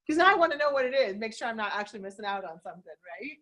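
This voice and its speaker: A woman's voice: a little high, very animated, fast talker, a bit bright, a little hiss or hum, low-quality recording. A woman leading a sales team meeting, chatty, laughing often and acting out little quotes. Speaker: team leader. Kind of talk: team meeting pep talk.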